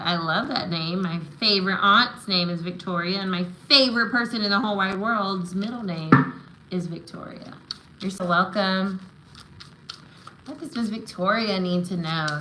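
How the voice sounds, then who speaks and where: A woman's voice: mid-range voice, reverberant, background noise. A woman giving live tarot and oracle readings, affirming and encouraging, often checking in with "right?" and "okay?". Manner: emotional, spiritual encouragement. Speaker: tarot reader.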